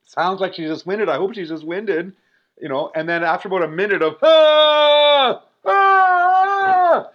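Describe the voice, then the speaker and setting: A man in his forties telling a story in a casual, animated way, full of "like" fillers. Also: on the high side, a little fast. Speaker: guest. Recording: dull lo-fi recording.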